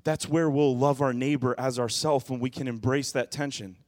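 A man preaching a sermon as pastor, moving from quiet, musing passages to loud, impassioned bursts. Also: medium pitch, steady tone, normal speed, dry recording, studio quality.

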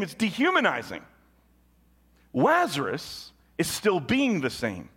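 A male pastor preaching a sermon, telling a story with big swings from loud and high to low and quiet. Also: a little slow, breathy edge. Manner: animated storytelling with sudden jumps in pitch and volume; drops low and quiet on solemn points.

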